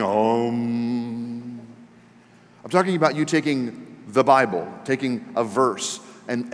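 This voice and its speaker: A man preaching a sermon as pastor, animated and joking, building to emphatic questions. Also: mid-range voice. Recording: long hall reverb.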